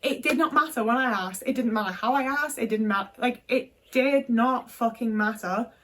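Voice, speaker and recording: A young woman from the UK talks straight to camera about her past, blunt and peppered with swearing. Her voice sits fairly high, and she sounds a little distant from the microphone. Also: moderate pace, a bit bright, slight background noise. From United Kingdom. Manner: frank, swears often, many filler "like"s. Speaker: vlogger. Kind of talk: casual storytime monologue.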